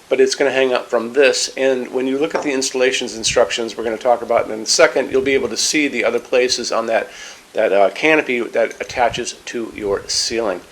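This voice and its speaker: A man's voice: medium pitch, fairly bright tone, low-quality recording. Chatty man explaining a light fixture. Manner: chatty, explanatory, step-by-step instructions. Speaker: lighting showroom product presenter. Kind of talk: casual product walkthrough. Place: lighting showroom, indoors.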